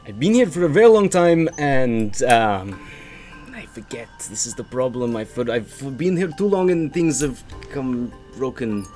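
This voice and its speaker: A man voicing a forgetful, jittery tiefling trickster who stammers and swings between loud and hushed. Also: medium pitch, very animated, unhurried, faint music behind. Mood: scatterbrained.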